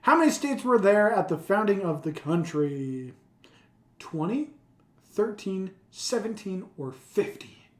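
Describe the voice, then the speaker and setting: A woman's voice: mid-range voice, lively intonation, unhurried. A woman co-hosting a casual podcast, reading out quiz questions in a playful, joking way and laughing often. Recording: roomy echoey room.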